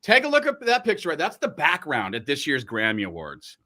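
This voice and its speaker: Brisk and a little high-voiced, this man hosts a casual livestream from a radio studio. He jokes around animatedly and keeps talking as he eats.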